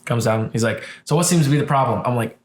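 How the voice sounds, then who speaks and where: A man's voice: medium pitch, quick pace. A man in casual podcast chat, telling a story with lots of swearing and acting out what people said. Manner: animated storyteller, acts out quotes, swears freely. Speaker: podcast co-host. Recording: echoey room.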